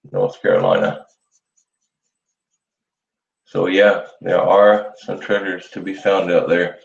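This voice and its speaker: A man with a very deep, low voice hosts a laid-back live session, rambling and chuckling as he talks to his viewers. The sound is roomy and slightly dull, like a lo-fi home recording. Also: creaky. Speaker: livestream host. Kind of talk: casual live chat while shaving.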